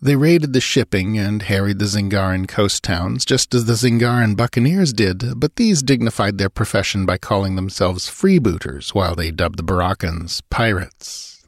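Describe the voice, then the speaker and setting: A man narrating an adventure story as an audiobook, measured and dramatic. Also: on the low side, animated, dry recording, clean studio sound.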